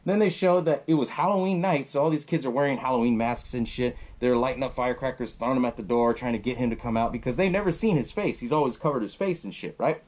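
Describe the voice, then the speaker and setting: A man hosting a podcast, recapping a film in a casual, profane, animated way and laughing often. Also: mid-range voice, fast, hardly any pauses. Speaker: podcast host.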